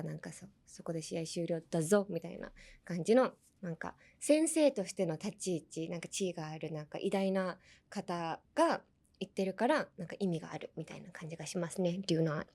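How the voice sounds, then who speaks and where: A young woman hosting a podcast, chatting casually as she explains English phrases from anime and switching between English and Japanese with frequent laughs. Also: lowish voice. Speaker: podcast host teaching English through anime lines. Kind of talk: casual bilingual teaching chat.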